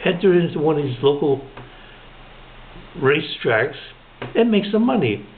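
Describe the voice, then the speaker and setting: A man's voice: fairly high pitch, very animated, moderate pace, slight background noise. A man voicing an eager, scheming male country preacher out to make money, over a narrow phone-like recording.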